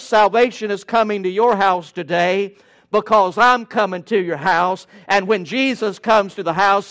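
A man's voice: high voice, fairly bright tone. A male preacher delivering a sermon in an emphatic, rhythmic cadence with touches of folksy humor.

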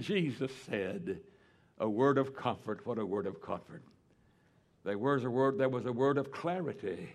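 An older man preaching a fervent sermon as a pastor, swinging from quiet, slow lines to sudden loud, high-pitched cries. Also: expressive.

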